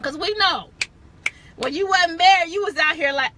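A woman's voice: very high-pitched, normal speed, background noise. A young woman hosting a podcast, telling a candid faith testimony in a casual chat, laughing often and stopping to correct and backtrack. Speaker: podcast host.

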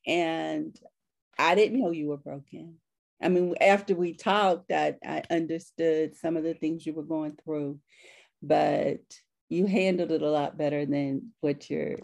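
A woman's voice: sits low, gravelly, a little mellow. A woman guest on a podcast, speaking tenderly and affectionately to the host. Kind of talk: casual conversation.

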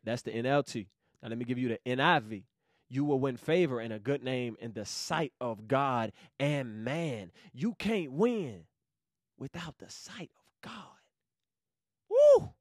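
A young man from Savannah, Georgia, with a Georgia accent, giving an excited, slangy Bible teaching as a podcast host. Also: medium pitch, normal speed, no echo, studio quality. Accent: Southern US, Georgia. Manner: hyped, slangy, bursts into loud exclamations.

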